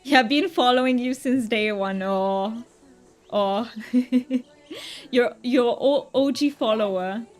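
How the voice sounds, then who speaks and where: A woman's voice: fairly high pitch, takes it slowly. A woman streamer chatting casually while gaming, reading her chat aloud, answering viewers and laughing often.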